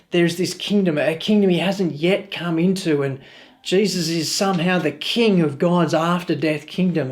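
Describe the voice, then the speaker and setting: A middle-aged man with an Australian accent, preaching a sermon in an earnest, storytelling way. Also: sits high. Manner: earnest, storytelling with quoted voices. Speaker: pastor.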